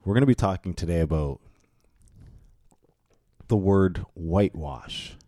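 A young Canadian man co-hosting a casual podcast, animated and ranting, swearing often. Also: low-pitched, a little slow, no room sound, clean studio sound. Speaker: podcast co-host.

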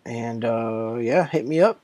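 A man's voice: mid-range voice, a little slow, warm tone, dry recording. A man in a casual chat, chatty and self-deprecating, laughing often as he talks. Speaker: documentary subject and guest.

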